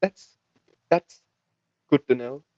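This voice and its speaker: A man voicing a friendly, polite alien woman in a tabletop role-play, speaking softly. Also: slow, no echo, lightly acted. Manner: soft-spoken, cheerful and polite. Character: soft-spoken alien woman, friendly and curious. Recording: dull, lo-fi mic.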